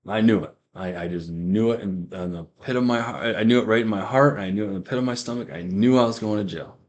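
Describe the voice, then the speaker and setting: A man with a fairly low voice gives a faith testimony as a guest, talking fast with few pauses. He rambles loosely, circling back over the same words and acting out the lines of people in his story. It sounds like casual spoken testimony rather than a prepared speech.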